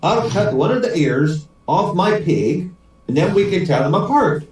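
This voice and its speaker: A man voicing a calm easygoing Irish farmer in a put-on Irish accent, heard from far off in a roomy space. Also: sits high, moderate pace, voice pushed up. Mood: placid.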